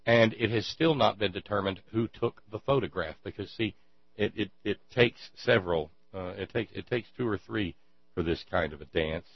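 A man giving an indignant, sarcastic monologue, halting often with fillers as he builds his points. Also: on the low side, slightly rough, dry recording. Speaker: commentator. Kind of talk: ranting monologue. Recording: dry, dull lo-fi with mains hum.

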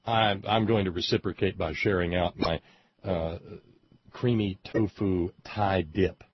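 A man's voice: low voice, steady tone, unhurried, husky, dry recording. A man from West Virginia giving a rambling, sardonic commentary monologue with frequent hesitations. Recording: dull lo-fi audio, dry.

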